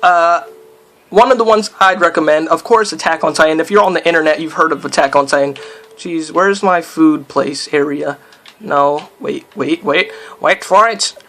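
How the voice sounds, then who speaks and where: A man from the United States with a slightly high, somewhat bright voice talks at normal speed while playing a video game as a let's player. His commentary is loose and rambling, heavy with fillers, and he breaks off into sudden startled yelps at the game.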